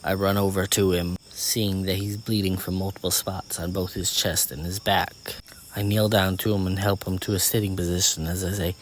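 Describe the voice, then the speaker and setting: A man with a very low voice reads a first-person story aloud. He keeps a steady pace with small slips and restarts. Faint crickets are heard behind him. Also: moderate pace, a little hiss or hum. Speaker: narrator.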